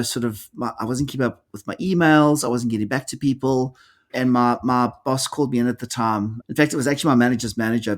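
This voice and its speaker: A middle-aged man speaks in a mid-range voice as a guest in a conversational interview. He tells stories animatedly and slips into the voices of the people in them. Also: medium pitch. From South Africa. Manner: animated storyteller, acts out quoted dialogue. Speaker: executive coach guest.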